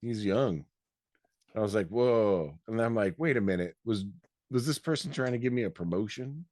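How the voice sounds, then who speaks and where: A man's voice: on the low side, expressive, normal speed, a little mellow, dry recording, clean studio sound. A man from Michigan, co-host of a podcast, telling a rambling anecdote in casual chat and acting out the quotes.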